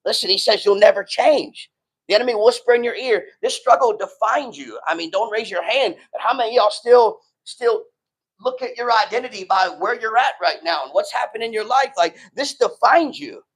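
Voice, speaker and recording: A man's voice: high voice, a little fast, slightly rough, low-quality recording. A middle-aged man giving a sermon to a live audience in a casual, street-talking way, often saying "man". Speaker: preacher.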